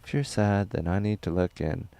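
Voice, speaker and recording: Low, gravelly man with crisp dry voice. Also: moderate pace, dry recording. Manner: loose, rambling, crude, deadpan. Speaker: comedian livestreaming, reading chat. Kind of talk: casual livestream chat.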